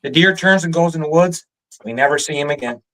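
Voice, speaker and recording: A man with a Michigan accent telling a hunting story in a relaxed chat, animated and laughing often. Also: fairly high pitch, fairly quick, low-quality recording. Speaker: guest storyteller. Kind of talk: casual storytelling.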